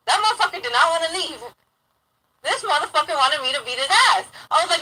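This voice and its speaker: High, sharp-toned young woman, rambling and profane, heated personal storytelling. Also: lively intonation, fast, poor audio. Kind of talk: casual storytelling.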